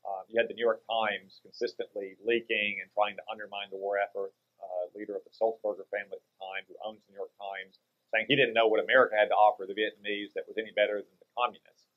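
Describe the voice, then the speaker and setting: A man, a senator guesting on a talk radio show, speaking in a measured, lecturing way. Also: fairly low pitch, level tone, phone-quality sound. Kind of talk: political interview.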